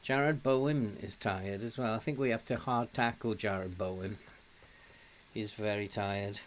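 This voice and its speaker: A gaming commentator gives casual let's-play commentary, grumbling, mocking himself, and scolding the players on screen. His voice is lowish and unhurried, with a little hiss or hum in the recording.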